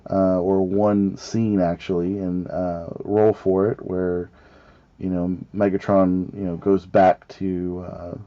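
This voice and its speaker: A man's voice: low voice, little pitch movement, slow, no echo. A man giving a casual review, talking as a rambling, enthusiastic fan who often restarts his sentences. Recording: dull lo-fi recording.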